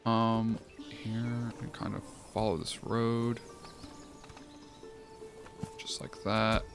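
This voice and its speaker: A man giving casual let's-play commentary, thinking aloud, swearing often and getting excited. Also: on the low side, very slow, creaky. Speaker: gameplay streamer. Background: game music.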